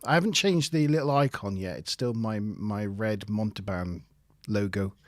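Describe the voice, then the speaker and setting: A man's voice: on the low side, normal speed, no echo, studio quality. A man co-hosting a live stream, chatting casually and self-deprecatingly, laughing often. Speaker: podcast co-host.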